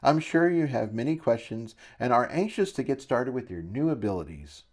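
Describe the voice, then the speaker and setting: A man's voice: mid-range voice, big pitch swings, moderate pace. A man voicing a polite, formal male bank avatar with a British accent in an audiobook. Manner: courteous, formal.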